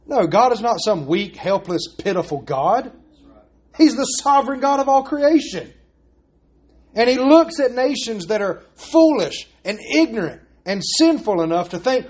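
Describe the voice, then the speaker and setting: A man's voice: high-pitched, lively intonation, moderate pace. A man preaching a sermon as pastor, earnest and emphatic, stressing his points and asking rhetorical questions.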